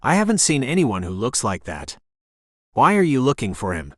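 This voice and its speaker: A man voicing an energetic woman in her sixties with a faint Jamaican accent, talking in a brisk, chatty way. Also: mid-range voice, no echo, studio quality. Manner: brisk, rapid-fire and chatty.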